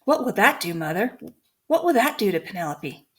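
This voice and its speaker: A woman doing an eager, excited little girl. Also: mid-range voice, normal speed, breathy edge.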